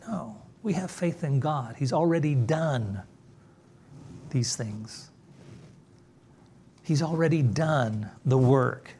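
A man preaching a sermon as pastor, emphatic, dropping low and soft on key words. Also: slow, pauses often, a little hiss or hum.

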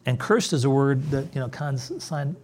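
A man preaching a sermon as pastor, emphatic, dropping low and soft on key words. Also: expressive, normal speed, slight background noise.

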